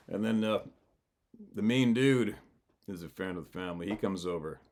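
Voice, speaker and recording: A man's voice: on the low side, normal speed, pauses often, a little mellow. A man hosting his channel, telling a rambling personal story in a blunt, profane way. He laughs often and keeps restarting his sentences. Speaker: channel host. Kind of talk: casual storytelling monologue.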